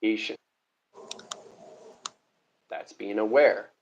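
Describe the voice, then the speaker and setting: A man's voice: on the low side, very slow, creaky, a little hiss or hum. A man teaching in a live question-and-answer stream, lecturing in repetitive lists. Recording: dull lo-fi stream audio.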